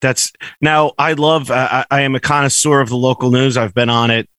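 A man's voice: mid-range voice, little pitch movement, fairly bright tone, no echo, studio quality. A young man from Massachusetts hosting a casual podcast, joking and self-mocking as he questions his guest. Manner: jokey, self-mocking, quick to laugh. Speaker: podcast host.

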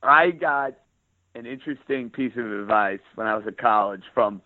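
A sports radio host with a New York accent, a rough-edged voice and an emphatic, plain-spoken way of talking, heard as an interview guest. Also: male voice, medium pitch, moderate pace, no room sound. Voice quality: rough around the edges voice. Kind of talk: interview guest, casual talk. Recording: phone line.

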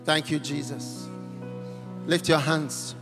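A man's voice: fairly high pitch, level tone, takes it slowly, long reverb tail, over music. A man preaching an impassioned altar-call sermon, exhorting the crowd with repeated phrases and breaking into tongues. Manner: repetitive, exhorting, speaks in tongues. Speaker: guest preacher. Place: large church hall.

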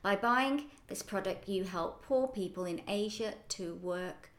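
A woman's voice: mid-range voice, unhurried, fairly bright tone. A woman co-hosting a local podcast in casual, upbeat chat that wanders with fillers. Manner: chatty, upbeat, rambling with fillers. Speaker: podcast co-host. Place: office or shared workspace. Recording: roomy echoey room.

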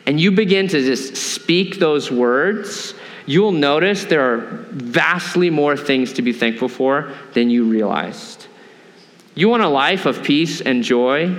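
A man's voice: medium pitch, fairly bright tone, in a large hall. A male pastor preaching a sermon in a church, earnest and often asking the congregation questions. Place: church sanctuary.

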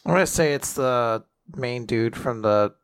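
A man's voice: medium pitch, unhurried, clear, resonant tone. A man co-hosting a podcast, commenting in a dry, wry way. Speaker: podcast co-host. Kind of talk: casual chat.

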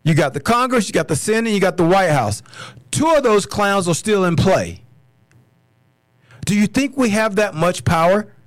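A fired-up American man with a fairly high voice rants on his podcast, blunt and cursing, hammering the same words over and over. The sound is dry and close, with no room around it. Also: animated, moderate pace, dry recording. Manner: angry, blunt, swearing, repeats himself. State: furious. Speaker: podcast host. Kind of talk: solo political podcast rant.

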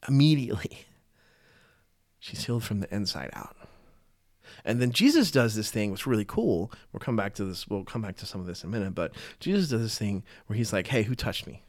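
A man's voice: on the low side, sing-song, a little fast, darkish tone. A man giving a casual, earnest Bible teaching, talking conversationally and often repeating and restarting his phrases.

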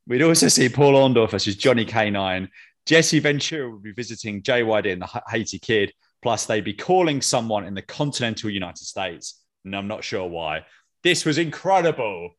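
Male host, lowish voice, deadpan wit, casual review over a call. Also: normal speed. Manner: dry, sarcastic humor. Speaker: podcast host. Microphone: online call.

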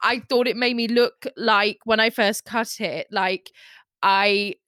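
A woman co-hosting a podcast who tells animated, self-deprecating stories in casual chat. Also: mid-range voice, takes it slowly, dry recording, clean studio sound. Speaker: podcast co-host.

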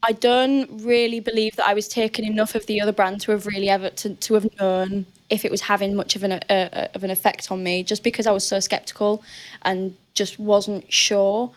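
A young woman with a northern English accent talks easily as a podcast guest. Her pitch sits in a middle range. She chats along with plenty of "like"s and false starts, the relaxed rhythm of a conversation rather than a prepared answer. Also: brisk. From Britain. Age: young adult. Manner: chatty, lots of fillers and restarts. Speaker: guest athlete. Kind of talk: casual podcast interview.

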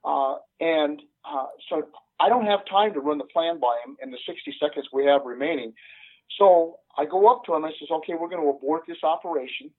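An older man recounts his police days in an earnest, halting way, stopping often on "uh". His voice sits a bit high for a man. He comes through a thin, tinny phone line. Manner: earnest, halting with many "uh" fillers. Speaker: retired police sergeant. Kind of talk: telling a story in an interview.

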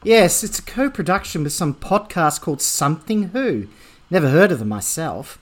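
A man co-hosting a comedy podcast with a brisk, officious manner. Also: fairly high pitch, sing-song. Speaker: podcast co-host. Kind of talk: comedy sketch and casual podcast chat.

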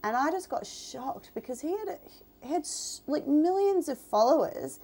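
A woman's voice: high voice, animated, moderate pace, dark tone. A woman with an Australian accent, talking casually on a podcast and explaining things with plenty of fillers. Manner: chatty, explains with many fillers. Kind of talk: casual chat.

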